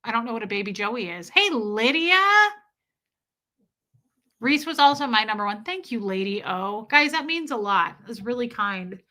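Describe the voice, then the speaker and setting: A woman's voice: a little high, animated, moderate pace, bright, forceful tone. A woman hosting a live stream, chatting casually and answering viewers' comments one by one in an affectionate way. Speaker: livestream host reading chat.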